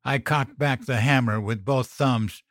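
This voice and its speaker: A man narrating a first-person horror story in a measured, grim manner. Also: mid-range voice, fairly bright tone, dry recording, clean studio sound.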